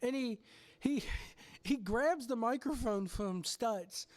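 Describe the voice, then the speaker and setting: Animated man telling a story. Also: extremely high pitch, slow pace. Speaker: podcast host. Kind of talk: casual chat.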